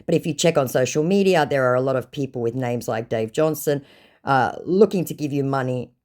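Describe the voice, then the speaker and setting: Sarcastic woman with a very low voice. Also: brisk, darkish tone. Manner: sarcastic and mocking. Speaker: scam-baiting content creator. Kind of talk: casual vlog storytelling.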